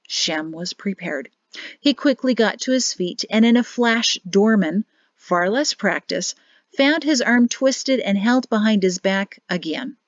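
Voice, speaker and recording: A woman narrating an audiobook in a steady, measured reading. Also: medium pitch, no room sound, dull audio. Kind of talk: scripted narration.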